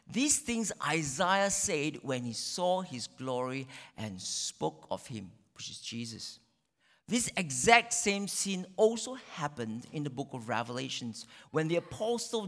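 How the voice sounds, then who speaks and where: A male pastor preaching a sermon, dramatic, with sudden loud peaks and drawn-out phrases. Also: on the high side. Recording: long reverb of a large hall.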